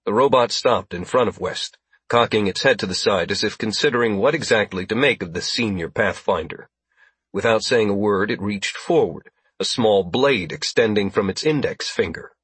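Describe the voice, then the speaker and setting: A man narrating a science-fiction audiobook in a steady, even storytelling manner. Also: fairly low pitch, breathy edge, no echo. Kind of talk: scripted narration.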